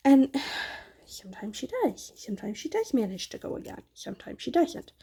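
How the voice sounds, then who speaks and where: Chatting casually as she crafts on her channel, this mother speaks at a normal speed in a slightly high, sing-song voice that's creaky, warm and husky. She rambles candidly and pokes fun at herself.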